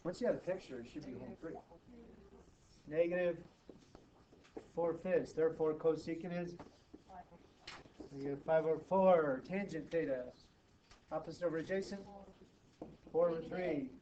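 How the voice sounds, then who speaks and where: Brisk male math teacher, distant noisy recording. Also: a little high, warm tone, muffled recording. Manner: brisk, teasing, asks quick check questions. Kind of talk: classroom tutoring. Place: classroom.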